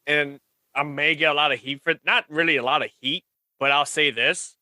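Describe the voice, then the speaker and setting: A man's voice: fairly high pitch, steady tone, normal speed, pushed and bright, dry recording. A man guesting on a podcast in casual chat, easygoing and hedging his opinions.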